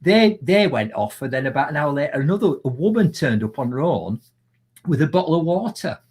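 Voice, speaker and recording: A man with a Yorkshire accent, chatting as a guest in a live video call and telling lively, animated anecdotes. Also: fairly high pitch, fairly quick, breathy edge. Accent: Yorkshire English. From Yorkshire, England. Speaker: guest, motivational speaker. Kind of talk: casual storytelling in a live video chat.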